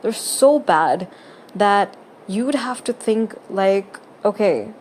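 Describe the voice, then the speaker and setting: A woman's voice: medium pitch, lively intonation, takes it slowly, darkish tone, a little hiss or hum. A woman who makes gaming videos, talking through her opinions in casual, earnest and emphatic commentary.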